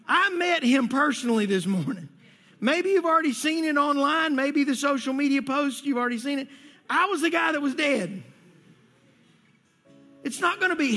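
A man's voice: very high-pitched, bright, forceful tone. A man preaching a sermon as pastor to his church, building to emphatic, repeated calls. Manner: preaching with rising intensity and emphatic repetition. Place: church sanctuary. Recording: long hall reverb with faint music.

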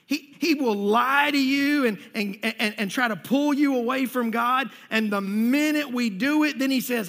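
Preaching in a large church hall that leaves a long reverb, this male pastor has a very high, slightly bright voice and speaks a little slowly with few pauses. His sermon is conversational, full of repeated words and direct questions to the congregation.

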